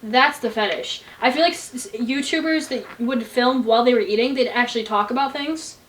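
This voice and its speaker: A young woman with a fairly high voice, hosting a loose casual chat. She talks bluntly and with lots of energy, and she swears freely. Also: brisk, fairly bright tone, a little hiss or hum. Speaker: channel host.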